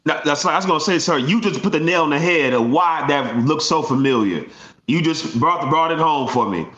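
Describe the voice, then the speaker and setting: A man's voice: fairly high pitch, normal speed, fairly bright tone, reverberant, dull audio. A man speaking as a guest in a casual panel discussion, conversational and full of fillers.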